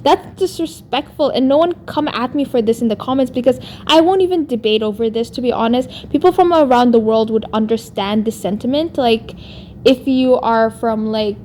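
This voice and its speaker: A woman's voice: high voice, normal speed, darkish tone, a little hiss or hum. A woman with a non-American English accent, ranting at another creator in a vlog and filling her sentences with "like". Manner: exasperated, heavy use of "like". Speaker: YouTuber responding to another creator. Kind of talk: vlog rant.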